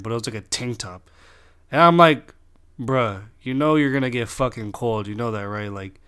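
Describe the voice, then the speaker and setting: A man's voice: medium pitch, fairly bright tone, smooth. Profane young man rambling. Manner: rambling, heavy swearing, frequent restarts. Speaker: storyteller. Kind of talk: casual storytelling.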